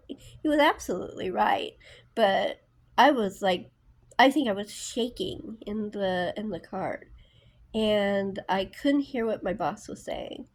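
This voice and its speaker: Woman, casual vlog storyteller, unhurried and rambling, full of fillers. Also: mid-range voice. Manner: rambling, many fillers and restarts. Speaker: book vlogger.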